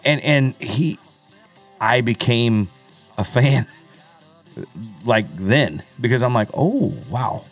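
A man's voice: slow pace, pauses often. A man co-hosting a podcast, chatting casually and rambling about country music. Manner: rambling, animated, drops into low impressions of others. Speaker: podcast co-host.

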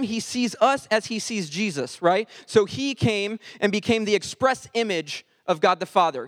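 High-voiced man teaching a Bible study. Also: fairly bright tone, in a large hall. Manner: conversational, keeps checking in with "right?".

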